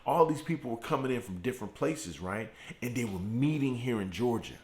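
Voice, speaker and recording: A middle-aged man hosting a motivational morning live stream from his home garage, preaching with fired-up repetition while deliberately keeping his voice turned down. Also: animated, a little mellow. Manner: fired-up preaching with repeated phrases, speaking in a deliberately lowered voice. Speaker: host of a morning motivational show.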